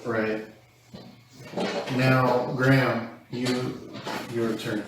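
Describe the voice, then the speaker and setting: Guy running a d&d table, easygoing, far off mic in a boomy room. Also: flat delivery, drawn-out words, heavy reverb, background noise. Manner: easygoing, laughing, describing action. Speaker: game master. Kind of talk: running a tabletop game, casual.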